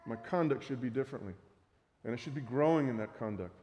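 A man preaching a sermon, reading Bible passages aloud and explaining them with measured emphasis. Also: mid-range voice, expressive, a little mellow. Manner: reads scripture aloud, then teaches. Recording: reverberant hall.

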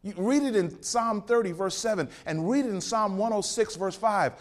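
A man preaching a rousing sermon, swinging from loud peaks to hushed passages and quoting scripture in old King James wording. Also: high voice, normal speed.

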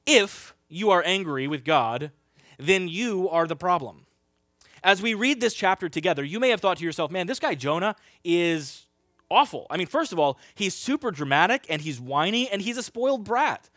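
A man preaching a sermon as a pastor, telling stories in a lively way and acting out scenes. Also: sits high, normal speed, no echo, clean studio sound. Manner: animated storytelling, acts out scenes.

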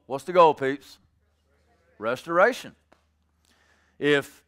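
A pastor preaches to his congregation in a folksy, plainspoken manner, joking with listeners and swinging from low, soft phrases to loud, high bursts. His tone is clean.

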